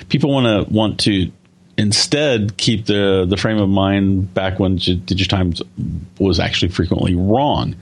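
Opinionated man with a low voice. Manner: opinionated, talks in quick bursts. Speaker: podcast co-host. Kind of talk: casual tech chat.

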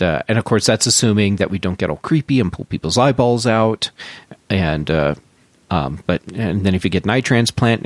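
A man's voice: low voice, no room sound. A man co-hosting a casual tech podcast, explaining news in a loose way with many fillers and restarts. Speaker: podcast co-host.

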